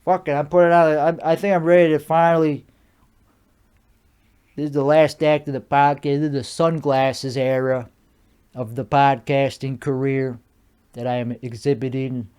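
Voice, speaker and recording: A man's voice: medium pitch, level tone, moderate pace, darkish tone, clear, resonant tone. A young man with a put-on Chicago accent hosting a solo comedy podcast, ranting in a rambling, profane, mock-bravado way. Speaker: podcast host.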